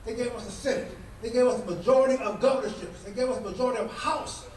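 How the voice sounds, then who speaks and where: A man with an unusually high voice delivers a fiery political speech, hammering his points through repeated rhetorical questions in a preacher-like rhythm. He sounds distant from the mic, his voice ringing around an echoey banquet hall. Faint background sound is heard beneath him. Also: fast. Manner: emphatic, repetitive rhetorical questions, preacher-like cadence. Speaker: guest speaker at a political dinner.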